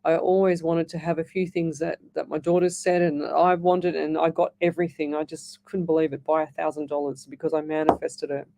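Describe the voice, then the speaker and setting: A woman's voice: deep voice, flat delivery, brisk, vocal fry, few pauses, warm tone, a little hiss or hum. A middle-aged woman hosting live radio psychic readings, chatting in a rambling way with frequent restarts. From Australia. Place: radio studio.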